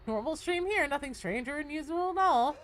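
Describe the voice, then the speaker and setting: A woman's voice: a little fast, a little hiss or hum. A woman streaming a game, chatting casually, joking and swearing as she greets viewers. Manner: joking, swears, bursts into high excited greetings.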